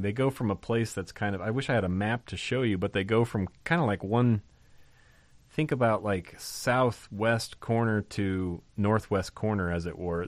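Enthusiastic low-voiced man teaching scripture. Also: no echo. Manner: enthusiastic, asks rhetorical questions, reads verses aloud. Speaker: pastor. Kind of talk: conversational Bible teaching.

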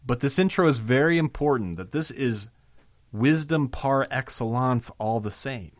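A man's voice: mid-range voice, lively intonation, moderate pace, no room sound, studio quality. A man giving an informal Bible lesson, thinking aloud with fillers and restarts and rising to emphasize key points. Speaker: Bible teacher.

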